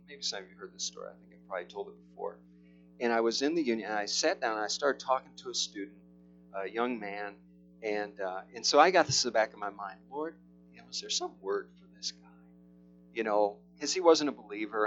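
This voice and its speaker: Rambling middle-aged male pastor. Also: medium pitch. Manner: rambling, halting, many restarts. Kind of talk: sermon storytelling. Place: church service. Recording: slightly muffled with soft guitar.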